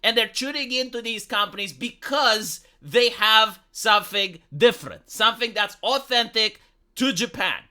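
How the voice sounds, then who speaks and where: A man's voice: high-pitched, normal speed, bright, forceful tone, clean tone. A man giving heated opinion commentary, emphatic and swearing freely.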